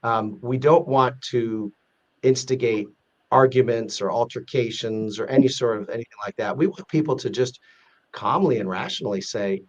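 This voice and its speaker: A man speaks as a podcast guest. His pitch is middle-of-the-road and his delivery is earnest and measured, often circling back to restart a sentence. The sound comes through a dull, lo-fi remote connection. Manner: earnest, measured, explaining step by step with frequent restarts. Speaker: guest, president of an advocacy group. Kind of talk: podcast interview.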